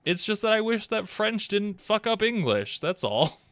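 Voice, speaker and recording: A man streams a video game live into a desk microphone, rambling, joking and swearing often as he plays. His voice sits high and fairly bright, with big pitch swings and a moderate pace, and there's no echo.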